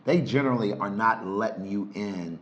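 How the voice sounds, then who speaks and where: A middle-aged man with a lowish voice hosts a casual talk show alongside his wife, teasing and animated as he talks. He speaks as a relationship coach, loose and conversational. Faint noise hums under the recording. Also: moderate pace, muffled recording. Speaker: relationship coach and podcast co-host.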